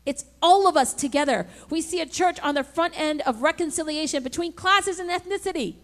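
A woman's voice: sits high, brisk. A woman pastor preaching a sermon in an emphatic, conversational way, asking the congregation for responses.

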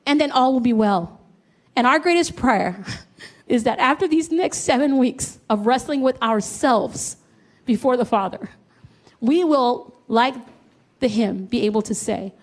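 A woman's voice: sits high, a little slow, long pauses. A middle-aged woman preaching a sermon, telling a personal story and acting out the dialogue in it. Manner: animated, acts out quoted dialogue.

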